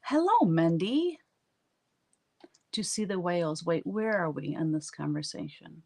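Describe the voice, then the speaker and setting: A woman with a low, deep speaking voice chats casually with her live viewers while she paints. She tells stories in a loose, chatty way and laughs often. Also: moderate pace, gravelly. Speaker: artist hosting a live stream. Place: home art studio, standing at work.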